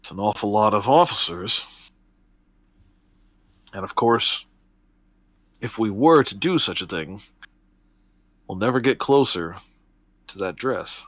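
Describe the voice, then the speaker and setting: A man's voice: on the low side, expressive, slow, pauses often, no echo, pitched below the performer's own voice. A man voicing a shrewd, scheming woman with a sly manner.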